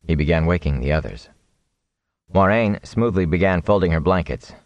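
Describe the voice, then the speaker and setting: A man narrating a fantasy audiobook in a steady, measured reading. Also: low voice, no echo, lo-fi sound.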